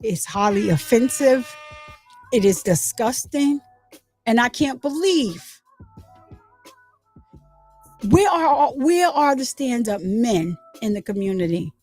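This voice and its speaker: A woman's voice: on the high side, very animated, slow pace, pauses often, darkish tone, soft background music. A woman hosting a casual commentary channel, talking animatedly and with indignation, acting out the voices of crowds as she retells events.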